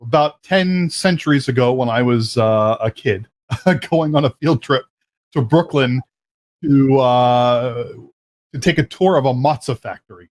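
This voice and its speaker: In South Florida, a man hosts a live talk show in an unhurried, medium-pitched voice. He chats casually, jokes and laughs often, and speaks in loose restarts.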